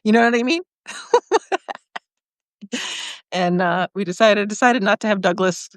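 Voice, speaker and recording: A woman's voice: medium pitch, takes it slowly, dry recording. Chatty woman on a phone livestream outside, lots of giggles, dry close sound. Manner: bubbly, laughs often, greets viewers. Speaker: livestream host. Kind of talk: casual livestream chat.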